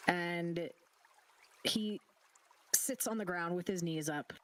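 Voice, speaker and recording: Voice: mid-range voice, fairly bright tone, slight background noise. A game master narrating scenes. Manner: detailed, halting narration with restarts.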